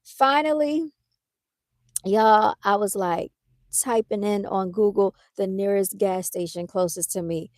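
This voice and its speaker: A woman telling a story on a casual livestream, animated, talking straight to her viewers into a phone. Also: mid-range voice, a little slow, dry recording. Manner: animated, addresses viewers as "y'all". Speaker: vlogger. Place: outdoors by a car, then moving inside.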